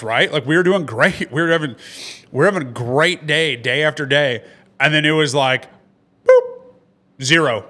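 A man with a bright, forceful voice in a relaxed podcast conversation. He talks frankly, swears often, and tells stories with energy. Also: a little high. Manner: candid, swears freely, animated storytelling. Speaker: podcast co-host, start-up founder. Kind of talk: casual podcast chat.

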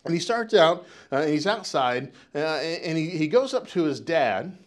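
A middle-aged American man delivers a sermon in a loose, chatty way, circling back on himself and checking in with "right?" as he goes. His voice sits somewhat high for a man. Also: very animated, moderate pace. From United States. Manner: conversational, rambling with many restarts and "right?" tags. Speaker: pastor.

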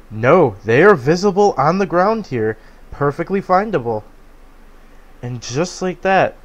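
A man giving relaxed let's play commentary on a game, talking slowly with filler pauses. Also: mid-range voice. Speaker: gameplay commentator.

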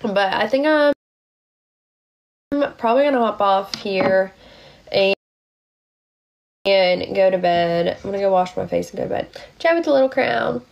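A woman's voice: mid-range voice, animated, measured pace, gravelly, long pauses, highs cut off. A young woman, sick and tired, chatting casually on a phone livestream, thanking viewers with lots of fillers.

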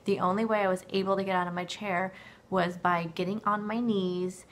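A woman's voice: mid-range voice, fairly even intonation, moderate pace, a little hiss or hum. A woman in her forties with a dry throat, talking casually at her home desk in a rambling, filler-heavy way with many restarts. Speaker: weight-loss vlogger. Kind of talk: casual chat to camera.

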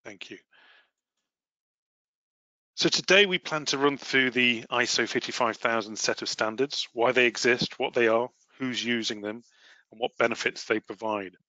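Bright-voiced man hosting a webinar. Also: medium pitch, dry recording. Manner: measured, formal presenting with occasional fillers. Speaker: webinar host and asset management lead. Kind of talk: prepared webinar presentation. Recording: slightly muffled, dry webinar audio.

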